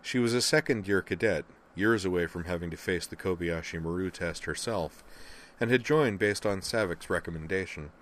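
A man narrating a novel as an audiobook, in a steady storytelling delivery. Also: low voice, moderate pace. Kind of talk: scripted narration.

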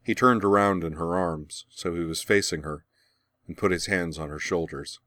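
A man narrating a story in a calm, even audiobook reading. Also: sits low, moderate pace, no room sound, studio quality.

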